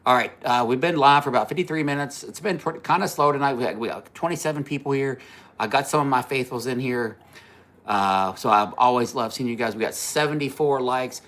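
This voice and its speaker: A man's voice: mid-range voice, a little fast, a bit bright. A man hosting a casual livestream, rambling through a story, laughing at his own jokes and answering viewer comments. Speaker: livestream host.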